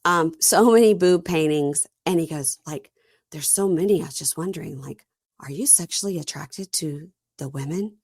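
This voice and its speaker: A low-pitched woman talks over a reality episode in easy, chatty podcast talk, acting out both sides of each scene as she tells it. The sound is dry and close, with almost no room around her. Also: normal speed, a little mellow, breathy edge, dry recording. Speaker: podcast host. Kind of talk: casual chat recapping a reality show.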